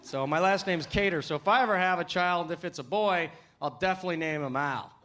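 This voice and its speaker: A man from the United States doing a stand-up comedy set with punchy, animated delivery and sudden shouts, on stage before a live audience. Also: high voice, brisk. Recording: live show with loud crowd and noise.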